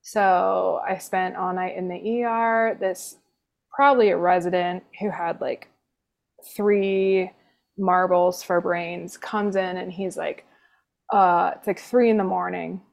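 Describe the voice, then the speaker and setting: A woman's voice: on the low side, steady tone, slow pace, vocal fry. A woman nurse, a guest in an interview, telling a personal story casually with sarcastic, dry humor and lots of fillers. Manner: chatty, many fillers like "like".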